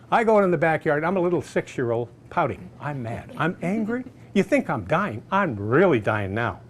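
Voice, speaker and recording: A man telling a personal story casually, animated and acting out other people's voices. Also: fairly high pitch, normal speed, hardly any pauses, slight background noise. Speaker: customer giving a testimonial.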